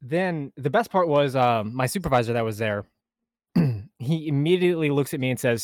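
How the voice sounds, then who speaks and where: A man's voice: medium pitch, animated, moderate pace, dry recording. Young male co-host, laid-back joker, mid-range voice, dry close sound. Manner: joking, laughs often, storytelling. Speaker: podcast co-host. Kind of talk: casual chat.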